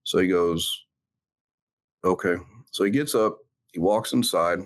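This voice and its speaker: A man, a former police officer, earnestly recounting his past in an interview, halting and reflective with many fillers. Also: low-pitched. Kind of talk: personal storytelling in an interview.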